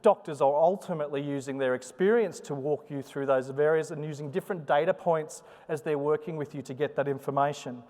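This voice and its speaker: A man's voice: on the high side, brisk, hardly any pauses. Sing-song man presenting in a hall. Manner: chatty, joking, animated delivery. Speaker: conference presenter. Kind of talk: live conference talk with demo. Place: conference hall. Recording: long hall reverb.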